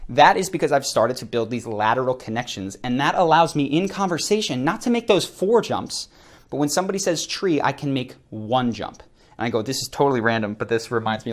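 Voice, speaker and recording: A man, probably in his thirties, teaching a recorded online lesson, speaking directly and encouragingly to the viewer. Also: mid-range voice. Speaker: charisma course instructor.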